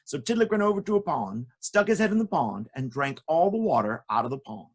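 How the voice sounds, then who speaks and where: A man telling folk tales to children in a playful, jokey, expressive way. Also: on the high side, a little fast, breathy edge. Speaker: children's storyteller. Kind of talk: animated storytelling for children.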